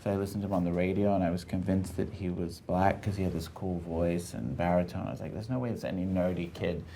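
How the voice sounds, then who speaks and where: A man from England with a mixed American and English accent, a guest telling stories in casual conversation, animated and swearing freely. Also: sits low, fast, vocal fry, a little hiss or hum. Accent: mix of American and English.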